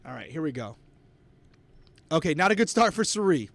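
A young man co-hosting a podcast, calling a live watch-along with excitable play-by-play commentary. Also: on the high side, fairly quick, vocal fry. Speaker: podcast co-host.

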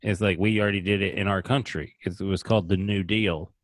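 A man's voice: low-pitched, steady tone, brisk, no echo. A man in his thirties on a podcast, rambling in crude, casual chat and acting out quotes in a raised voice. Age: 30s. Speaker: podcast co-host.

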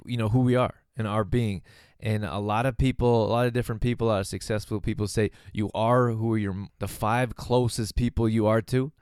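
A man with a lowish, smooth, resonant voice and a mixed North American accent talks through a solo wellness podcast. He rambles easily and chuckles between thoughts. The sound is dry and close. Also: a little mellow, no room sound. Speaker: podcast host and fitness coach. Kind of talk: casual solo podcast talk. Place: lives in Canada.

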